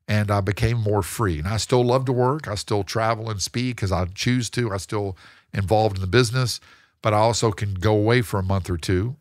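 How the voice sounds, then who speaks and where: A man, a guest in an interview, telling his story in a lively way and acting out the people he quotes. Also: fairly low pitch, no echo, studio quality. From United States. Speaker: guest, real estate investor.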